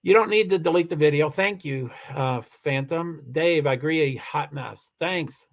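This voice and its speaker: A man hosting his own livestream, reading viewer comments aloud in casual talk, halting with many restarts and turning firm and insistent. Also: a little high. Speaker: livestream host.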